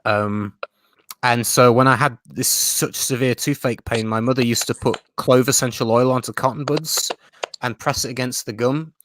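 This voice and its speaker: A man's voice: medium pitch, steady tone, normal speed, a bit bright, no room sound. A man hosting a live stream chat, talking in a chatty, self-mocking way and laughing often. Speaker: host.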